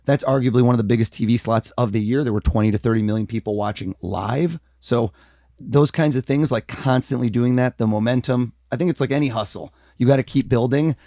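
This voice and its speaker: A man from the United States, a mentalist guest, talking in a casual interview in a lively, animated way. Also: mid-range voice, brisk, no echo, clean studio sound. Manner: energetic, animated, acts out quoted voices.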